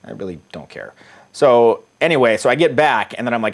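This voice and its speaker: A man's voice: mid-range voice, sing-song, fairly quick. A man, a dating coach, casually talking through text exchanges in a crude, irreverent, offhand way. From United States.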